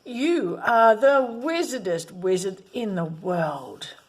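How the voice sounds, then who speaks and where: A woman voicing an excited little boy in a read-aloud storybook, with an eager, gushing manner. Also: mid-range voice, slow, noisy background, lightly acted. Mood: delighted.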